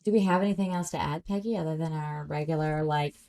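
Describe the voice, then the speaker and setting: Woman, therapist, podcast co-host, slightly low voice, earnest, explanatory, video call. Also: fast talker, warm tone. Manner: earnest, explanatory, keen on teaching clients. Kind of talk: casual podcast chat.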